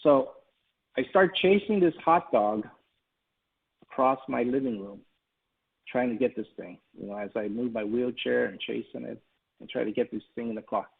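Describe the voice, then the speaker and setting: A man with a gravelly, husky voice gives a webinar talk. He tells a personal story in a folksy way, with plenty of fillers. The audio is thin and tinny, like a phone line. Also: mid-range voice, fairly even intonation, moderate pace. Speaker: presenter.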